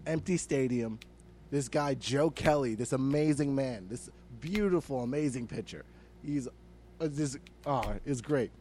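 A man's voice: medium pitch, a little slow, warm tone, a little hiss or hum. A young man co-hosting a comedy podcast, ranting animatedly with lots of swearing and filler words. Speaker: podcast co-host. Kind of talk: casual comedic podcast chat.

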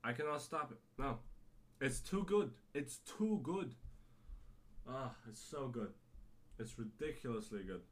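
A man with a British-leaning accent that slips toward American now and then hosts his own podcast. He rambles excitedly, swears freely and keeps restarting his sentences. His voice sits at an ordinary middle pitch for a man. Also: unhurried, long pauses. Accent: British-leaning, sometimes drifting American. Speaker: podcast host. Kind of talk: casual solo podcast monologue.

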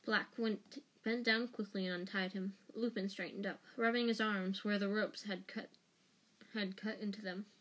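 A woman's voice: medium pitch, steady tone, moderate pace, a bit bright. Woman, casual fan audiobook narration, unpolished, self-correcting. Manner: unpolished, restarts and comments on slips. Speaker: audiobook reader.

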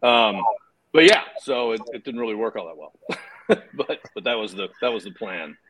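A man being interviewed about his work, telling stories in a relaxed, casual way with fillers and some swearing. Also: lowish voice, moderate pace, rough recording. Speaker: guest filmmaker and actor.

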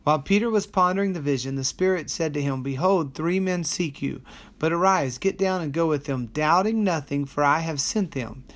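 Pastor reading scripture and teaching. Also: male voice, a little high. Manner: steady reading with slow, deliberate commentary. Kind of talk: daily Bible study, reading scripture and teaching.

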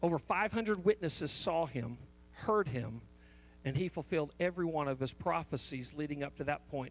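A man's voice: fairly high pitch, normal speed, slight background noise. A man preaching a sermon, pressing a repeated question with emphatic stress and frequent restarts. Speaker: pastor.

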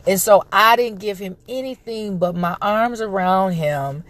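Recovering from a respiratory illness, a woman in her thirties who is a parent and podcast host tells a story in a chatty, casual monologue, pausing to clear her throat. Her voice is medium-pitched and fairly bright, at a measured pace.

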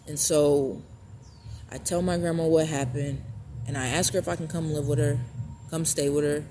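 A man's voice: on the high side, moderate pace. A man telling a personal story in a casual vlog, blunt and profane, often restarting and repeating himself. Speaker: vlogger. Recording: clear steady background noise.

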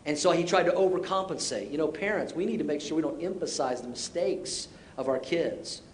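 A middle-aged man preaching a sermon as pastor, conversational and self-deprecating, with short repeated exhortations. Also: a little fast. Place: church sanctuary. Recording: roomy church sound with faint rumble.

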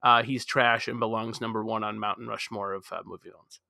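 A man's voice: fairly low pitch, flat delivery, a little fast, vocal fry, bright, forceful tone, no echo, studio quality. A man co-hosting a casual movie discussion, giving his opinions emphatically. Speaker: podcast co-host.

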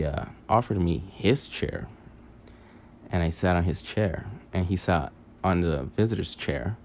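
A man telling a long dream story in a halting, rambling way, full of fillers, restarts and casual swearing. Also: deep voice, a little mellow, a little hiss or hum. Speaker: podcaster recounting a dream.

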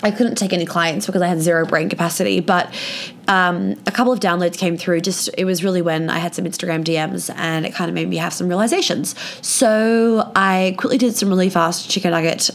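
A woman with a hoarse, sick voice from laryngitis, talking casually from bed as a podcast host, chatty and gushing, swearing freely. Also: fairly low pitch, fairly even intonation, a little fast. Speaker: podcast host and women's life coach. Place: in bed at home.

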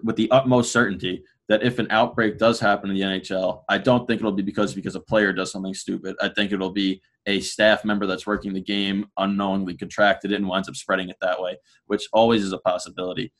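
A man's voice: lowish voice, flat delivery, a little fast. A man co-hosting a sports podcast, talking earnestly with a slightly sarcastic edge. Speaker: podcast co-host. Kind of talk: casual sports podcast talk.

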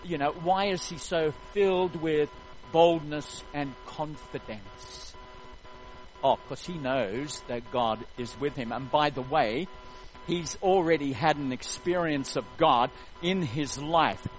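A man preaching a sermon, retelling a story in an animated, jokey way. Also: on the high side, slow, soft background music, poor audio.

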